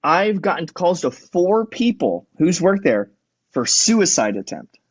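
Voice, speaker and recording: A man's voice: high voice, very animated, unhurried, slightly rough, no echo, dull audio. A man who is a firefighter and EMT, a podcast guest telling rowdy, profane stories in casual chat and acting out what people said. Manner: profane, rowdy storytelling with acted-out quotes.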